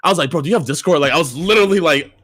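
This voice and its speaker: A man's voice: a little high, very fast, fairly bright tone, dry recording, clean studio sound. A young man speaking as a guest on a livestream, in upbeat, rambling, earnest casual chat. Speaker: streamer guest.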